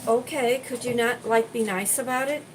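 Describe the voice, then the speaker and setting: A woman's voice: fairly high pitch, normal speed, noisy background. Chatty woman venting while cooking. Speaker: vlogger. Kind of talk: casual chat while cooking. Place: home kitchen.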